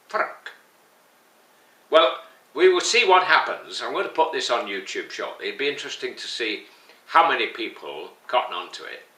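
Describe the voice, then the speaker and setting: Man, slow halting delivery, earnest and gently humorous, lively pitch, bright tone, echoey room. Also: distant mic. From England. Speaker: vlogger. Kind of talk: spoken opinion piece.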